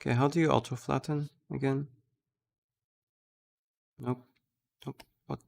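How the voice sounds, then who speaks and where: A man's voice: medium pitch, unhurried, vocal fry. A man streaming live, chatting casually as he thinks aloud and gushes over a tool he likes. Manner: thinking aloud, gushing with excitement.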